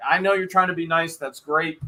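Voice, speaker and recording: A man runs a live online auction, talking straight to his viewers with an energetic, slightly repetitive flow. His voice sits a little high and sounds bright and tense. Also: fairly quick. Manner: energetic, talks straight to chat viewers, repeats himself. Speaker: host of an online storage auction stream. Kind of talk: live stream chat and auction hosting.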